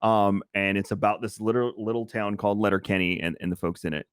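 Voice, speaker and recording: A man's voice: lowish voice, steady tone, quick pace, a bit bright, smooth, dry recording, studio quality. A man co-hosting a podcast, chatting casually and enthusiastically recommending a show in a rambling way. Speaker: podcast co-host. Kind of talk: casual chat.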